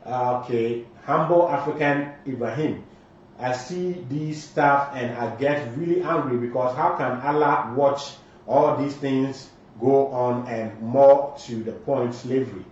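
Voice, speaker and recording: A man's voice: mid-range voice, measured pace, a little mellow, slight background noise. Echoey, distant Ghanaian man hosting. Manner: emphatic, switches between Twi and English. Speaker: morning show host. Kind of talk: live show, reading viewer comments. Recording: very echoey, distant, dull lo-fi sound.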